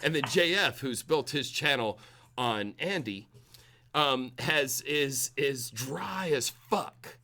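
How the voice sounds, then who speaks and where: A man co-hosting a casual drinking podcast chat, animated and laughing, slipping into mocking impressions. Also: mid-range voice, slow. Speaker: podcast co-host.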